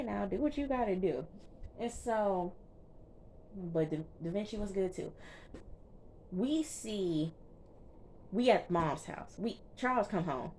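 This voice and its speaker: A woman's voice: on the low side, a little mellow, slight background noise. Chatty slangy woman recapping a show. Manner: slangy, chatty retelling with quick asides. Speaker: TV show reviewer. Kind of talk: casual episode recap.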